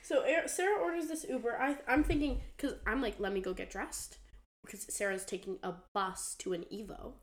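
A young woman, co-hosting a podcast in casual chat, retelling events in an animated way and acting out the lines of the people involved. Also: fairly high pitch, moderate pace, reverberant. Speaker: podcast co-host.

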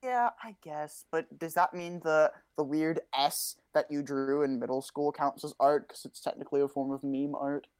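A young woman chatting casually as co-host, quick with asides and laughing often. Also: low voice, darkish tone, clear, resonant tone. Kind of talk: casual chat.

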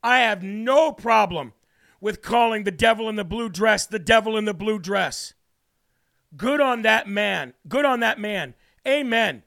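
Gravelly, high-voiced brash male host. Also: animated, unhurried, fairly bright tone. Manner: brash and preachy, then storytelling. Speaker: talk show host. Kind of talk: political talk show monologue. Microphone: studio mic.

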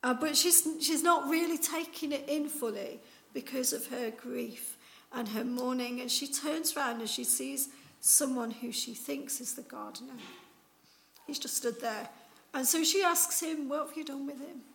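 A woman's voice: sits high, measured pace, fairly bright tone. A woman preaching an informal Easter sermon, retelling the story in a chatty way with many fillers.

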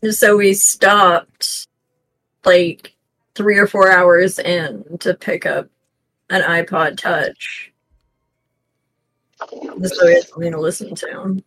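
A woman's voice: medium pitch, a bit bright, low-quality recording. A woman co-hosting a casual podcast, often exasperated by the others' jokes. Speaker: podcast co-host. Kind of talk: casual banter.

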